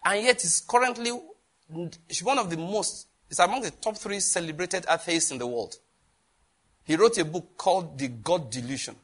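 A man delivering a sermon in a husky, somewhat high voice. He preaches in a lively way, laughing often and throwing questions out to his listeners. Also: normal speed. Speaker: pastor.

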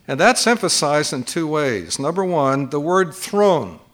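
A man's voice: a little high, very animated, a little slow, fairly bright tone. An older man preaching at a conference, teaching point by point and repeating key phrases for emphasis. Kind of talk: sermon.

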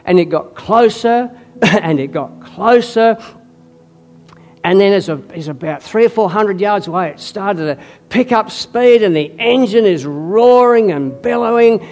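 A man preaching a sermon, telling a wartime story with frequent coughs and throat-clearing, building to loud, emphatic climaxes. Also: high-pitched, lively intonation, measured pace.

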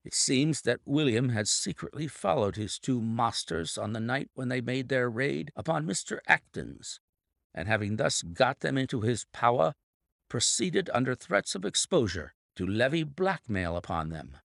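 A man reading an audiobook, voicing a brilliant male detective explaining a case in a measured, deliberate way. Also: mid-range voice, big pitch swings, vocal fry, fairly bright tone, dry recording, clean studio sound.

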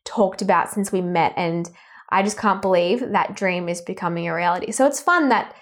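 A woman's voice: lowish voice, moderate pace. A young woman with an Australian accent, a podcast guest in casual chat, bubbly and laughing often. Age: young adult.

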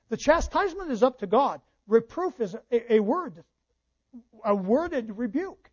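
A man's voice: very high voice, expressive, normal speed, a little mellow, husky. A male pastor preaching a sermon, reading scripture aloud and explaining it to his congregation. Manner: preaching with quoted scripture and asides. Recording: dull lo-fi church recording.

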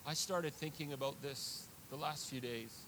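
A man's voice: a little high, normal speed, bright, forceful tone, slight background noise. A man preaching a sermon as pastor, earnest and confessional, often repeating words as he builds a point.

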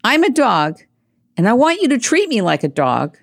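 A woman voicing a rabbit who earnestly insists it is a dog, in a storytelling aside, with a lively, swooping voice. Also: a little high, normal speed, creaky, exaggerated voice. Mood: insistent.

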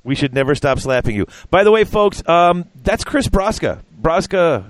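A man hosting a casual hobby podcast, joking around in quick, excitable bursts. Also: on the high side, no room sound. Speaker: podcast host.

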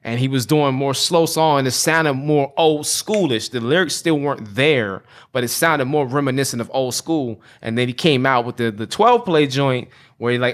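A man's voice: mid-range voice, normal speed, few pauses. A man talking casually with friends, rambling and cursing freely as he makes his points. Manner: loose, rambling, curses freely. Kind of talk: casual group chat.

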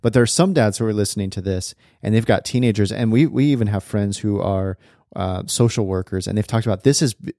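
Laid-back guy hosting a dad podcast, low warm voice, says like a lot. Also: brisk, no room sound, studio quality. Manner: conversational, lots of fillers. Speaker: podcast host. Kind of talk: podcast interview.

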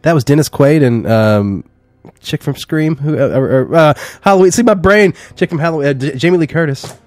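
A man's voice: a little high, a little fast, darkish tone, no echo, soft background music. A young man co-hosting a casual movie-review chat, laughing often and swearing casually as he acts out lines. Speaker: podcast co-host.

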